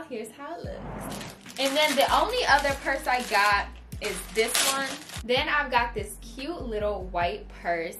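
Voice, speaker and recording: A woman's voice: on the high side, bright, forceful tone, a little hiss or hum. A young woman vlogging a clothing haul, bubbly and gushing as she talks straight to her viewers. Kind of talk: excited try-on haul chat. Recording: voice a bit far from the mic, music underneath.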